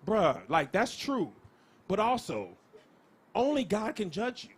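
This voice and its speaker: A man doing a stand-up comedy set, loud and animated, shouting his punchlines. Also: fairly high pitch, moderate pace, slightly rough. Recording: live venue with crowd. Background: audience laughter.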